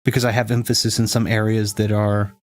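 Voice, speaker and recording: A man's voice: on the low side, level tone, fairly quick. A man with a fairly neutral American accent, streaming a game and chatting casually with viewers in a rambling, self-correcting way. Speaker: let's play streamer. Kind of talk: casual chat with viewers while gaming.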